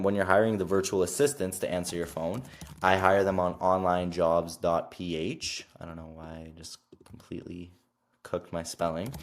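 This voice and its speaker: Deep-voiced young man, casual explainer. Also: darkish tone. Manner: fast, filler-heavy with frequent "like" and "literally". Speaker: online business creator. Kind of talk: casual screen-share explainer.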